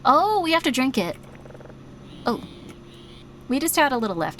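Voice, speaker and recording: A woman streaming a game, talking in a chatty, playful way, easily startled and soft when guiding a breathing exercise. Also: fairly high pitch, big pitch swings, normal speed, pauses often, slight background noise. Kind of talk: casual game commentary.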